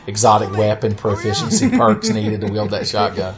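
A man's voice: fairly low pitch, big pitch swings, over music. A young man with a sick throat joking crudely while commenting on a video game. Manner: crude joking banter, quick voice impressions. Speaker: let's play host. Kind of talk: casual gameplay commentary.

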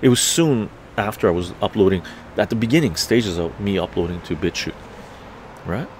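A man's voice: lowish voice, expressive, moderate pace, a little hiss or hum. A man telling a story in a heated, profane live-stream rant. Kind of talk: ranting live-stream monologue.

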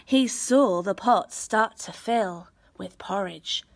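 A woman reading a children's picture book aloud in an expressive, storytelling manner. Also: medium pitch, slow pace, gravelly, no room sound. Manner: expressive, sing-song storytelling. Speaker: storybook reader.

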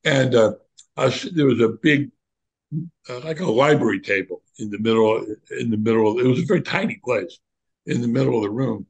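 An older man, a former monk, reminiscing in a relaxed, candid conversation and telling animated stories. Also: mid-range voice, a little fast, slightly rough, poor audio. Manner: animated storyteller, candid and reflective.

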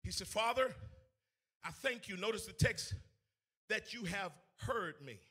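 Preacher guy, 30s, real high bright voice, sing-song sermon, shouting then going quiet n teary. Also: expressive, unhurried, breathy edge. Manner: swings from shouting to hushed, near-tearful speech. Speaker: evangelist preacher. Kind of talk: emotional sermon.

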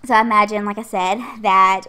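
A young pregnant channel host delivers a casual, rambling voice-over for a game build, laughing frequently. Her mid-range voice is level in tone, a little fast, pushed, bright and smooth.

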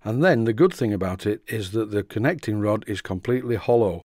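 A middle-aged man from the north of England, calmly and methodically narrating a model engine rebuild. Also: lowish voice, a little fast, dry recording, clean studio sound. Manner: calm, methodical explaining. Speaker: model engineering channel host. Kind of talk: workshop voice-over narration.

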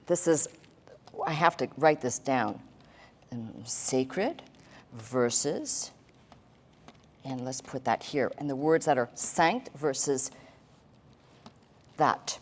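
A woman's voice: a bass voice, expressive, slow, pauses often. A woman pastor teaching a sermon in a conversational way, with asides and dry humor, demonstrating points with a pen on a tablet.

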